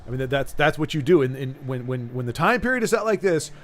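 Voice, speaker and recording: A man's voice: mid-range voice, expressive, fast talker, fairly bright tone, a little hiss or hum. A man hosting a game stream in casual, rambling chat with many restarts and repeats. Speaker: streamer host.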